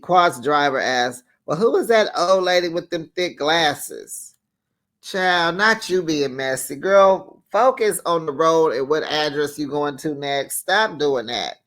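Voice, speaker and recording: A man with a fairly bright, somewhat high voice hosts a reality TV recap channel. He gives sassy, chatty commentary on the show and laughs often between his remarks.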